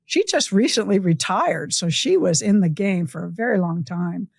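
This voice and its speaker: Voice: medium pitch, expressive, normal speed, gravelly, no echo, clean studio sound. Laughing interviewer reminiscing about coaching. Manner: laughs often, warm reminiscing questions. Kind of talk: casual interview.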